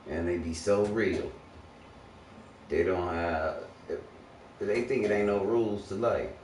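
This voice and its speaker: A very low-voiced man rants bluntly, swearing often and lecturing as if preaching. He sits well back from the mic in an echoey room. Faint ambient noise sits under him. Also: slow, darkish tone, recorded from a distance. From Texas. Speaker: livestream streamer. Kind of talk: casual profane rant.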